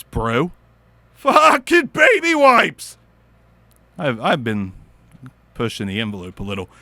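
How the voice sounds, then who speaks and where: Southern-accented man, casual mic reviewer, crude and goofy, lively pitch, dry sound. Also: no echo. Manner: goofy, swearing, crude jokes, sudden loud outbursts. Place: small home studio.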